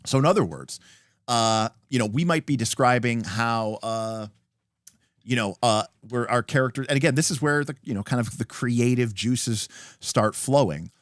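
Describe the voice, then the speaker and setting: A man's voice: medium pitch, normal speed, dry recording, clean studio sound. A man hosting a livestream, casually explaining tabletop game rules and acting out examples, with many fillers. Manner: animated, acts out example dialogue, many fillers.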